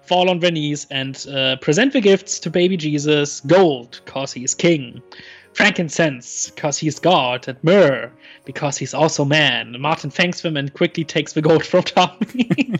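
Male co-host, slightly high voice, excitable and giggly, faint music bed. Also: unhurried. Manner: enthusiastic, laughs often, puts on voices for quotes. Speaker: podcast co-host recapping a sitcom episode. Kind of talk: casual chat.

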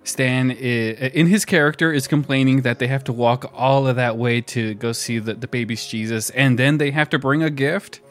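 A man's voice: mid-range voice, normal speed, hardly any pauses. Laid-back man recapping an episode. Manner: relaxed storytelling with frequent laughs and fillers. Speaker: podcast co-host recapping a sitcom episode. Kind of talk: casual chat.

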